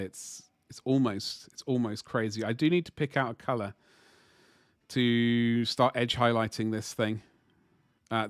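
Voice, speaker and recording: This livestream host has a medium-pitched, slightly bright voice recorded with clean studio sound and no room sound. He chats and rambles with the audience while painting miniatures at his desk, keeping up a casual conversation with chat.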